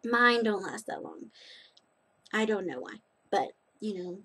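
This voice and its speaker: A woman's voice: mid-range voice, big pitch swings, measured pace, fairly bright tone, breathy edge. A young woman vlogging in a rambling, chatty way, full of restarts and asides. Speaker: knitting and nails vlogger. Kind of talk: casual chat.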